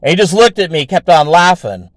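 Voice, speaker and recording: A man's voice: high-pitched, very animated, a little fast, no room sound. A man hosting his own show, telling a story in a rambling, casual way with heavy swearing and lots of fillers. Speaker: show host.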